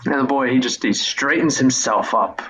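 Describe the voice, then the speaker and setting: A man narrating a tabletop game as game master, animated, with frequent restarts. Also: mid-range voice, normal speed, slightly rough, poor audio. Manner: animated storytelling with restarts and laughs.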